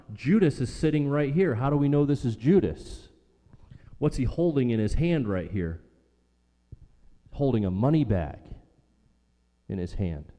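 A man preaching a sermon, asking his listeners questions and answering them himself, dropping low and soft when he quotes scripture. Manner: slow, asks the audience questions and answers them. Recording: long hall reverb.

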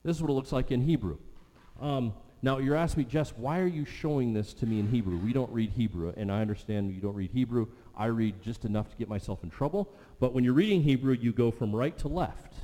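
A man preaching to his congregation, leaning hard on repeated phrases to drive each point home. His voice is mellow and dark. It rings out with a long reverb through a church sanctuary. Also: medium pitch, a little fast. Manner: emphatic, repeats phrases for stress. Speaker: pastor. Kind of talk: sermon.

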